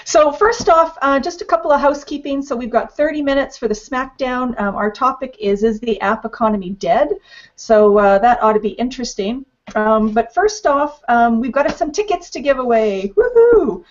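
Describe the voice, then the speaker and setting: A woman's voice: fairly high pitch, moderate pace. A woman hosting a live online panel, playful and bubbly, talking with many fillers over a video call. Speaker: host. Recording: dull lo-fi web stream audio.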